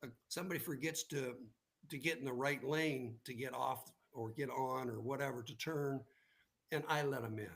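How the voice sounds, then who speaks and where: A man speaking as a guest on a live online broadcast, unhurried and conversational as he works through his anecdotes. He often tags his points with a quick "right?" to draw the listener in, and his voice sits in an ordinary middle register. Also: medium pitch, steady tone, fairly bright tone. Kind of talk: casual storytelling in conversation.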